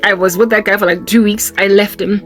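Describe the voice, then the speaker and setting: A young South African woman telling a candid, rambling personal testimony with quick asides. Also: mid-range voice, steady tone, soft background music. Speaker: Christian YouTuber.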